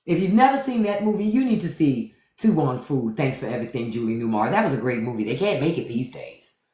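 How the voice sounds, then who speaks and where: A woman's voice: very deep voice, very animated, fairly quick, mellow, reverberant. A woman host giving blunt, profane commentary to livestream viewers, repeating her points. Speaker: podcast host.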